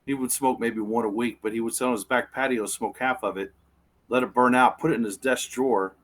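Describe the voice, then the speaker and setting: Male guest, mid pitch, relaxed explainer in casual talk. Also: fairly quick, slight background noise, rough recording. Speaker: cigar company guest. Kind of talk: casual chat.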